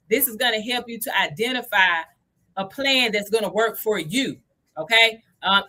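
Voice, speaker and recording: A woman's voice: a little high, pushed and bright. A Southern woman from Tennessee, around her thirties, hosting a casual crypto livestream, chatty and often checking in with "okay?" and "y'all".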